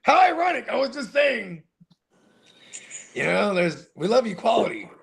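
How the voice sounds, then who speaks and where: A young man co-hosting a football watch party, telling animated stories in casual chat and swearing freely. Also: sits high, unhurried, creaky.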